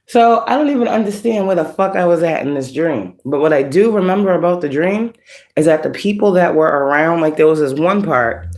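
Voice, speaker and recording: Profane animated woman telling a dream. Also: sits low, normal speed. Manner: profane, animated, laughing retelling. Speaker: spiritual reader. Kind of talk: casual storytelling to an online audience.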